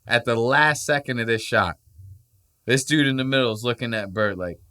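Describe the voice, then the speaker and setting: Medium in pitch and normal in speed, this man hosts a laid-back podcast and has Puerto Rican roots. He jokes around, curses a lot, and performs the voices of people he quotes.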